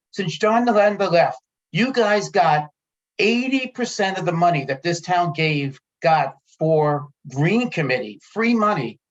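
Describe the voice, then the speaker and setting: A man speaking up at a town committee meeting, heated and frustrated, repeating himself as he presses his point. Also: high voice. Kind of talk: public comment at a meeting. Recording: dull lo-fi meeting audio.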